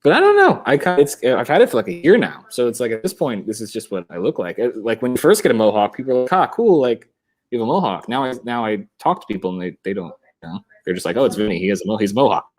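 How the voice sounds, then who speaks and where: A man's voice: on the low side, very animated, very fast. A young man on a video call, chatting casually and rambling, laughing often and swearing. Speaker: podcast guest.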